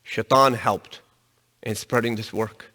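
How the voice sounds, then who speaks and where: A man giving a religious lecture, telling a story in an animated way and raising his voice to stress his points. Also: on the low side, slow pace. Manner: animated storytelling, voice rising with emphasis. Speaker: religious teacher. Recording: long reverb in a hall.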